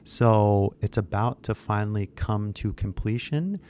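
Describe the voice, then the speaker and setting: Rambling low-voiced man on a live stream. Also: a little slow, mellow, a little hiss or hum. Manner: rambling and loose, many fillers, drops in Japanese words. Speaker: English teacher and live-stream host. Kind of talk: casual live-stream chat.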